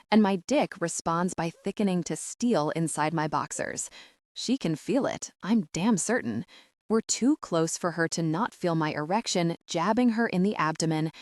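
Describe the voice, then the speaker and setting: Woman, audiobook narrator, low voice, emotional dramatic reading, dry close sound. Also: moderate pace, darkish tone, no room sound. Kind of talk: scripted first-person romance narration.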